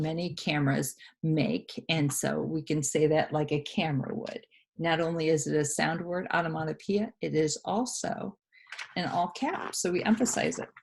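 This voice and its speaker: A woman teacher giving a first grade writing lesson, reading a picture book aloud and pausing to explain words with patient asides. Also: sits low, creaky, a little mellow, husky.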